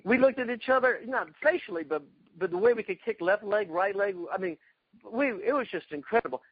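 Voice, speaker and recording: A man being interviewed, telling excited stories about past fights and acting out quotes. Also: high-pitched, fairly quick, slightly rough, no echo, muffled recording. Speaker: guest, karate fighter. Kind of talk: animated storytelling interview.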